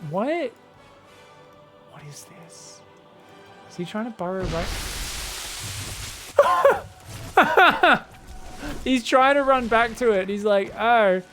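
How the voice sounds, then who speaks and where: A man casting viewer-sent game replays in a casual, joking commentary style, often laughing and getting excited. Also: high voice, measured pace, pauses often, soft background music. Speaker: game caster.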